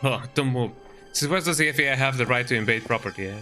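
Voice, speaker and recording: A man voicing a gruff older male scrapyard owner in an attempted Texan drawl, folksy and suspicious. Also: medium pitch, fast, pushed and bright, faint music behind, close to an everyday voice.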